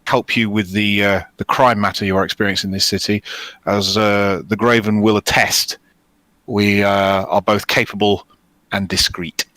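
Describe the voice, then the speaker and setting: Low-voiced man playing a formal character. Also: flat delivery, moderate pace, fairly bright tone, no room sound. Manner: formal, courtly phrasing. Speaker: player. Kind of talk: in-character roleplay with formal speech.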